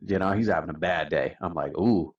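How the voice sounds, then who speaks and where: Laid-back deep-voiced man telling stories. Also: a little fast. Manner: laid-back, says "man" and "dude" a lot. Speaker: podcast guest, company founder. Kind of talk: casual storytelling. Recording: distant, dull-sounding mic.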